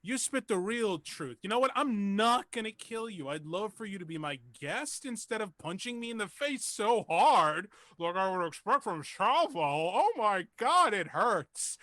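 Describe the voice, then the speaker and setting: A man voicing an excitable male villain leader who gushes like a starstruck superfan. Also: medium pitch, unhurried, no room sound. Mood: gushing. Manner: gushing, breathless fanboy.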